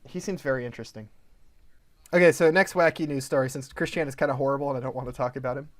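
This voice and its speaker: A man's voice: medium pitch, fast, no echo. A young man hosting a casual podcast chat, rambling with fillers and frequent laughter. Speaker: podcast host.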